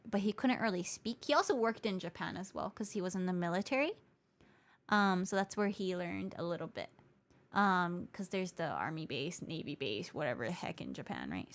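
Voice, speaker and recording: A woman's voice: mid-range voice, animated, moderate pace. A woman from Hawaii, a VTuber streamer, chatting casually with viewers and answering their comments, switching between English and Japanese mid-sentence and patiently repeating her points. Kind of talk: casual livestream chat, reading viewer comments.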